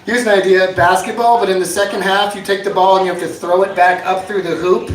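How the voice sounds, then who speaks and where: A man with a high voice works through a stand-up set of dry one-liners, now and then shouting out a bit. He sounds set back from the mic, and the bar room around him echoes. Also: brisk, distant mic. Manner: jokey deadpan one-liners, bursts into shouted bits. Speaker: stand-up comedian. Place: inn bar with live audience.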